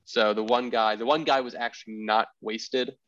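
A man hosting a podcast, telling a story in a rambling, animated way and acting out the people he quotes. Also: medium pitch, normal speed, no echo, dull audio. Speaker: podcast host. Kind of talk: casual storytelling chat.

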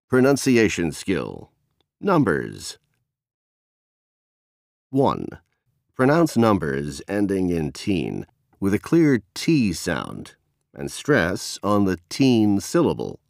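A man narrating textbook audio, announcing exercise numbers and instructions in a measured way. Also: low voice, gravelly, dry recording, clean studio sound.

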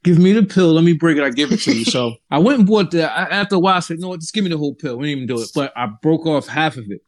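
Racing along in a high-ish voice, a young podcast host recounts a lengthy story casually, bringing the people in it to life with animated impressions.

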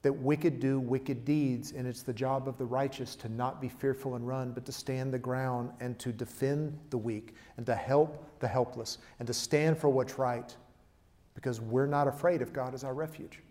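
A man preaching a sermon, emphatic, swinging between loud declarations and quiet asides. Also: medium pitch, fairly even intonation, moderate pace. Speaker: pastor. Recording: long hall reverb.

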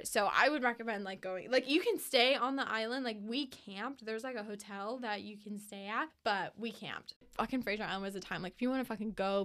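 A woman's voice: mid-range voice, a bit bright, smooth. A young woman in her twenties telling travel stories in a casual, profane, gushing way, full of "like" fillers. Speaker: vlogger. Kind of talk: casual storytelling.

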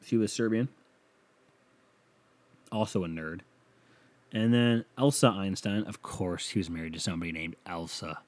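A man's voice: low-pitched, normal speed, long pauses, no echo. A man hosting a casual solo podcast from a small home studio, talking crude and rambling and mocking himself, close on a sensitive mic. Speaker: podcast host.

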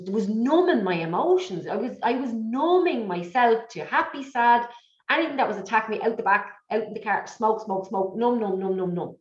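A middle-aged woman speaking as an interview guest, telling her story in an emotional, repetitive, animated way. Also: a little high. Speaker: guest, business coach. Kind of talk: candid conversational interview. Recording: echoey, dull lo-fi audio.

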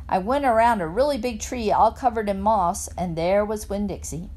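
A woman reading a children's novel aloud in a plain, steady narrating voice. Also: mid-range voice, moderate pace. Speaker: reader.

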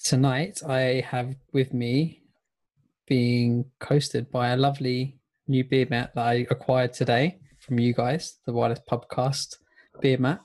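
A man's voice: mid-range voice, little pitch movement, unhurried, a little mellow. A man with a mid-range voice joins a casual podcast as a guest. He speaks politely and modestly, with easy good humour, over a video call.

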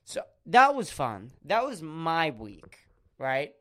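A man's voice: a little high, huge pitch swings, slow pace, sharp tone. A young man hosting a casual podcast monologue, rambling through crude, absurd stories with lots of fillers. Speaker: podcast host.

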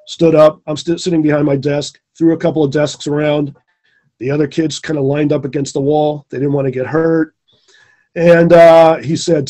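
A man's voice: on the high side, steady tone, normal speed, mellow. A man, a former teacher, telling a personal story in an earnest, rambling way and repeating phrases for emphasis. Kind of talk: casual storytelling in conversation.

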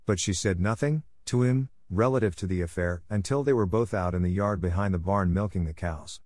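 Guy reading an audiobook, kinda low voice, steady, close dry mic. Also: a little fast, no room sound. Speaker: audiobook narrator. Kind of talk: scripted narration.

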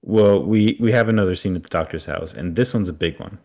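Man, very deep voice, gravelly, casual podcast recap, slips into characters' lines. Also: a little fast, darkish tone. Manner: acts out characters' lines in retelling. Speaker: podcast co-host.

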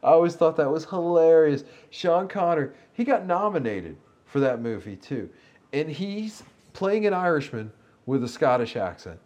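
A man's voice: on the high side, sing-song, normal speed, darkish tone, dull audio. A man co-hosting a casual chat about movies, rambling and amused, laughing often.

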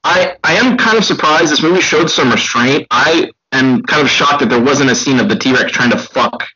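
A man's voice: mid-range voice, normal speed, muffled recording. A man joking animatedly while discussing a movie with a friend. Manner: animated, joking, calls his friend buddy. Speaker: movie review co-host. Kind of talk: casual chat.

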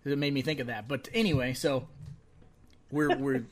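A man's voice: mid-range voice, normal speed. A man co-hosting a podcast in casual chat, laughing often and swearing freely. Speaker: podcast co-host.

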